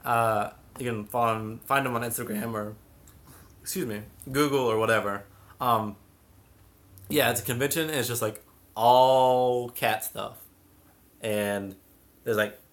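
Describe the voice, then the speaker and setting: A man's voice: medium pitch, a bit bright. A young man hosting a casual live stream about cats, chatting and reading out viewer comments. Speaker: cat channel host.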